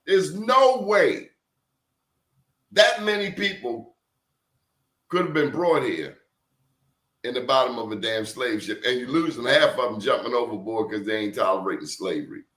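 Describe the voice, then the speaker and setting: A man's voice: mid-range voice, animated, normal speed, fairly bright tone. A man in casual conversation, telling stories emphatically with blunt slang. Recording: roomy echo.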